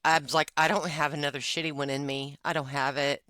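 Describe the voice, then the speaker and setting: Emotional woman, bright clear voice. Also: low voice, little pitch movement, brisk, dry recording, clean studio sound. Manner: emotional, confessional, with frequent fillers and laughs. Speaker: podcast co-host. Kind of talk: candid personal conversation.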